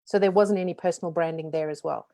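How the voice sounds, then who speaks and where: A brand strategist in her forties from South Africa, with a softened South African accent and a lowish voice, guests on a casual interview. She's lively and frank, talking in quick runs, and the recording is dry.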